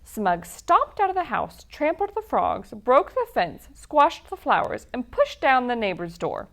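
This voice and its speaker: A woman reading a children's picture book aloud at a library storytime, in an expressive storytelling manner. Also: high voice, a little slow.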